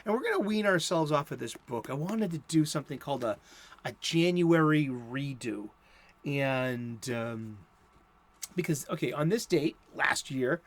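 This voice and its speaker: A middle-aged American man hosting a casual chat, rambling with many fillers and restarts. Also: a little high. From United States. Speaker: host.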